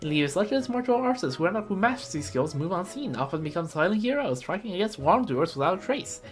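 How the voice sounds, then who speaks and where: A woman voicing a cheerful, earnest young girl traveler in a game, speaking brightly. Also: fairly low pitch, sing-song, quick pace, faint music behind. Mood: admiring. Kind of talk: game character voice line.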